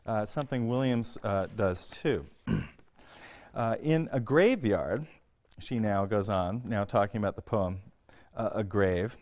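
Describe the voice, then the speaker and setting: A man giving a university lecture on poetry, often hesitating with filler sounds, clearing his throat and restarting his sentences. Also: on the low side. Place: lecture hall. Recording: dull lo-fi lecture recording.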